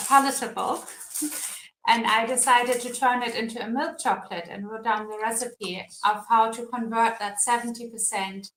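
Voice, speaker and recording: A woman who makes chocolate, explaining calmly in a measured way with a few fillers. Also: fairly high pitch. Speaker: chocolate maker. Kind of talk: casual interview chat. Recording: echoey room with faint noise.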